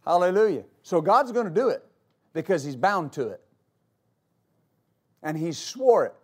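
A man's voice: sits high, sing-song, a little slow, darkish tone, slightly rough. A man preaching a sermon to a congregation as pastor, emphatic, repeating key phrases for weight. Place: church service before a congregation.

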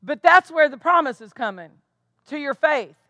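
A woman's voice: sits high, expressive, normal speed, sharp tone, dry recording. A woman pastor preaching a sermon with emphatic delivery, tossing questions back to the congregation. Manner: emphatic preaching with call-and-response asides.

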